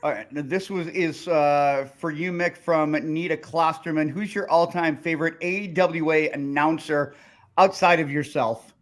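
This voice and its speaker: Higher-voiced man reading listener questions. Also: steady tone, a little slow. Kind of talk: casual chat.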